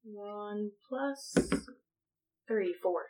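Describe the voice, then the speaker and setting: A woman playing a tabletop game, playful and quick to laugh. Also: medium pitch, dark tone. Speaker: player. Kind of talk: casual tabletop play.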